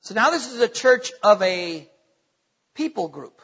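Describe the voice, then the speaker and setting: A man's voice: high voice, very animated, unhurried, fairly bright tone, husky. A man preaching a sermon as pastor, emphatic, repeating his points, with many fillers. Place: church sanctuary. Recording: lo-fi with long hall reverb.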